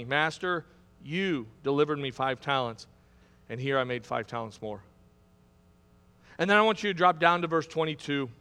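Man, pastor, high voice, sermon, emphatic build-ups, long hall reverb. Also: a bit bright, clear, resonant tone. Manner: preaching with rising emphatic build-ups and repetition. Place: church sanctuary.

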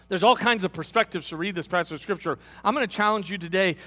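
A male pastor, preaching a sermon in an animated storytelling manner and asking the congregation questions. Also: high voice, fast, hardly any pauses, long reverb tail.

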